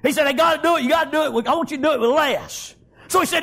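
Here a man speaks quickly in a very high voice, preaching a fervent sermon filled with "amen" and "praise God" and frequent shouting.

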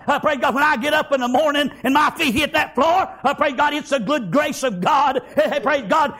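A man preaching a fervent sermon, peppering his words with "praise God" and "amen" and often breaking into shouts. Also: extremely high pitch.

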